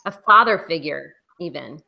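A woman's voice: deep voice, animated, normal speed, vocal fry, muffled recording. A woman with a Southern American accent, co-hosting a casual book club chat, opinionated and chatty, laughing often. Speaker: podcast co-host.

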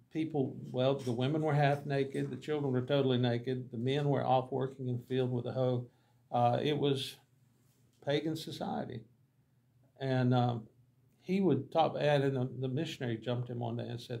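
A pastor with a mid-range, dark voice and some vocal fry teaches a Bible class through storytelling, recounting folksy, amusing mission experiences and performing the characters' lines.

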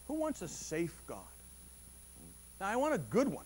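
Animated, high-voiced preacher man. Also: normal speed, long pauses, husky. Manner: animated and conversational, with frequent restarts and rising emphasis. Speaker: pastor. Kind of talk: Sunday sermon. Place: church service.

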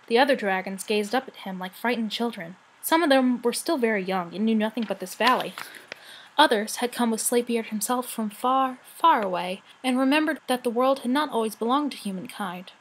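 A woman reading a children's fantasy novel aloud with expressive, measured narration. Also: a little high, rough recording.

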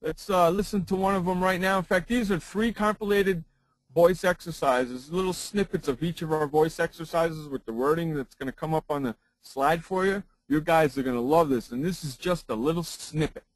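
A man's voice: fairly high pitch, moderate pace, no room sound, low-quality recording. A man who hosts a sports talk radio show, giving a seminar presentation on broadcasting and repeating his points for emphasis into his own broadcast microphone.

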